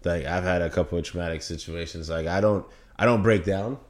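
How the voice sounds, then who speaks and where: A man's voice: sits low, brisk. A young man, a podcast guest, telling a personal story in an open, reflective way during a casual conversation.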